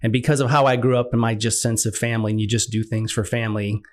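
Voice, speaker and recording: A man's voice: medium pitch, quick pace. A man earnestly recounting a personal faith story, acting out the dialogue as he goes. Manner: earnest, animated retelling with quoted dialogue. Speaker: guest sharing testimony.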